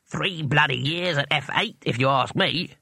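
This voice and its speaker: A man voicing a grumpy tiny male imp who paints pictures inside a box, grumbling slowly as if from inside it. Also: a little high, gravelly, bright, forceful tone, no room sound, clean studio sound, heavily acted. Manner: grumbling, slow, muffled.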